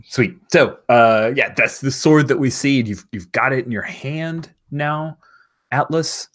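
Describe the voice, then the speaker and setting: A man's voice: mid-range voice, a little slow, a bit bright. A man narrating as game master of a tabletop role-playing game, speaking enthusiastically in a rambling way with frequent fillers.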